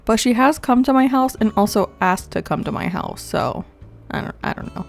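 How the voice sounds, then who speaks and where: Excitable young woman chatting over gameplay. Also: a little high, normal speed, faint music behind. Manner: excitable, gasps and laughs often. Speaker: gaming video creator. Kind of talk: casual gameplay commentary.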